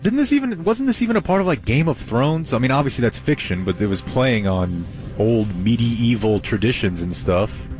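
A man hosting a casual radio show, playful and argumentative. His pitch swings widely as he talks, and faint music plays underneath. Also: expressive, brisk, hardly any pauses, a little mellow.

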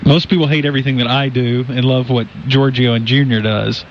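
A man's voice: medium pitch, fairly even intonation, brisk. A male radio host in casual studio banter, playful and teasing, laughing often. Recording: dull lo-fi radio audio, faint noise.

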